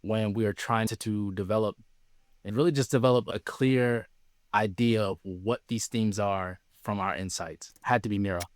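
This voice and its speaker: A man speaks as a guest on a casual podcast, easygoing and relaxed. His voice is smooth and clear. The sound is close and dry. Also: lowish voice, moderate pace, dry recording. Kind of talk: casual interview chat.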